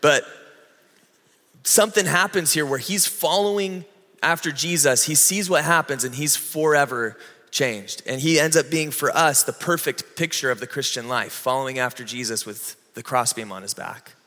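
A man preaching a sermon in a conversational way, slowing down and lifting his voice to stress key moments. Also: fairly high pitch, sharp tone, big-room sound. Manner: conversational preaching, slows and rises for emphasis. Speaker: pastor.

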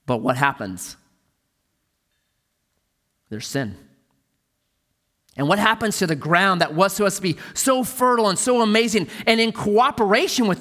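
A man preaching a sermon as a pastor, telling stories with animated energy and dropping to a hush for emphasis. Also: fairly high pitch, big-room sound.

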